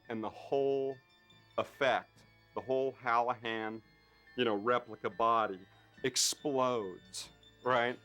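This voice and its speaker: A man, a special effects artist, telling a behind-the-scenes story in an interview. He talks in an animated way, full of fillers, and acts out other people's lines. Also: mid-range voice.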